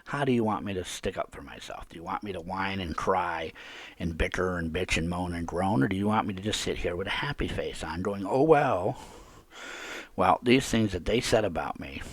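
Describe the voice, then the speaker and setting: A man's voice: deep voice, slightly rough, no room sound. A man hosting a live call-in podcast, ranting indignantly and repeating himself. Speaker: podcast host.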